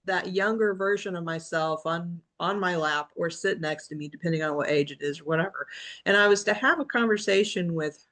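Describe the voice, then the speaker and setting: A woman's voice: fairly low pitch, a little fast, fairly bright tone. A woman in a casual group video call, talking reflectively and rambling, often restarting and quoting herself. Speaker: book club member.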